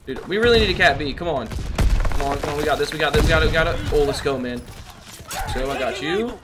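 Excitable young man calling out gameplay. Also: on the high side, quick pace, background noise. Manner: excitable, chatty, slangy, laughs and exclaims often. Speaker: gaming youtuber. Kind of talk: live gameplay commentary.

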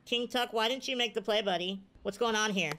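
A woman with a fairly high voice gives brisk, live commentary on a video game as a streamer, with soft music playing behind her. She's excitable, cheering and groaning at every play.

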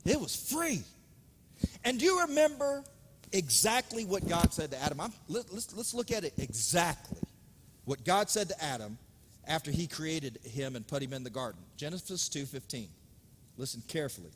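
Animated male preacher in echoing hall. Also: fairly high pitch, normal speed, husky. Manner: dramatic, swinging between loud emphasis and hushed asides. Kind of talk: sermon. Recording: reverberant hall, speaker off-mic at times.

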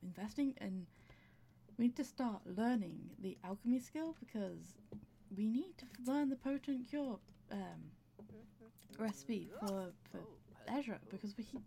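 Female gamer narrating her play, chatty and laughing, gravelly fry and audible breaths over faint hiss. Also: a little high, lively intonation, a little slow, dark tone. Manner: chatty, talks to her game characters, laughs often. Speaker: gameplay commentator. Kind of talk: casual gameplay commentary.

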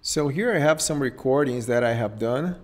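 A man's voice: mid-range voice, moderate pace. A man with a Portuguese accent, a native Portuguese speaker, hosting a live screen-share tutorial and thinking aloud, often tagging his sentences with "okay?" and "right?". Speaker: host.

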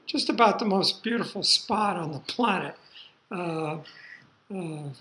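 An older man giving a university lecture, rambling through relaxed asides with fillers. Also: high voice, unhurried. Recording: roomy lecture hall.

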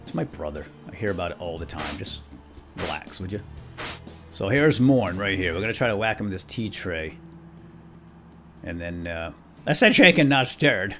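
A man's voice: low-pitched, animated, moderate pace, pauses often, soft background music. A man chatting his way through a video game as a let's play host, talking to himself and chuckling often. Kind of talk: gameplay commentary.

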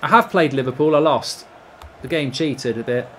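A man giving excitable, sweary live commentary while he plays a football video game. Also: mid-range voice, normal speed, slight background noise. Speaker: gaming streamer.

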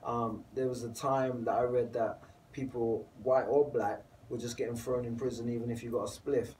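A man's voice: mid-range voice, little pitch movement, normal speed, darkish tone, distant mic, a little hiss or hum, poor audio. A man with a London accent, a guest actor talking earnestly in a casual interview and laughing easily. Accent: London English. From England.

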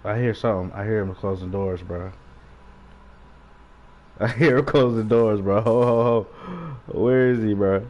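A man's voice: fairly low pitch, measured pace, long pauses, highs cut off. A young man giving jumpy, swearing let's-play commentary with nervous laughter while playing a horror game. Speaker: gaming YouTuber.

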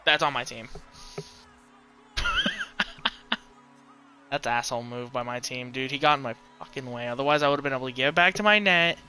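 A man's voice: mid-range voice, moderate pace, pauses often, music in the background. A young American man streaming a hockey video game at home, chatting casually, swearing freely and laughing at his own jokes. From United States. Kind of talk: casual gaming commentary.

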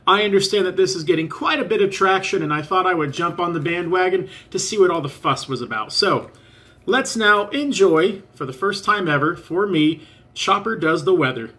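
A man's voice: high-pitched, animated, normal speed, fairly bright tone. A man hosting his own reaction channel, introducing clips in a chatty, upbeat way. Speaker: reaction video host. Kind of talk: casual reaction vlog.

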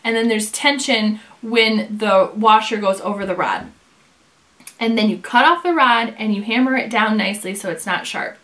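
A woman reviewing leather bags, talking casually and telling an animated story with plenty of quoted back-and-forth. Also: mid-range voice, moderate pace.

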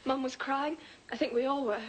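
An actress playing an overjoyed, excited young woman in the style of 1980s TV soap acting. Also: high-pitched, normal speed, a little hiss or hum, lightly acted.

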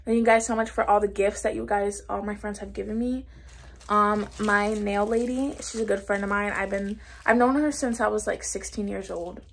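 A woman's voice: medium pitch, fairly even intonation, moderate pace, gravelly. Chatty bubbly woman in her twenties. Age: 20s. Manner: bubbly, chatty, says "literally" and "like" a lot. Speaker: vlogger. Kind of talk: casual chat. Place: home.

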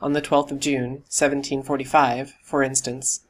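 Male audiobook narrator, steady and even delivery, scripted reading. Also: mid-range voice, normal speed.

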